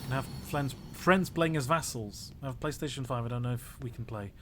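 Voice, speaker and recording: A man's voice: medium pitch, fairly quick, background noise. A man streaming a strategy game, joking and chatting with his viewers in casual commentary.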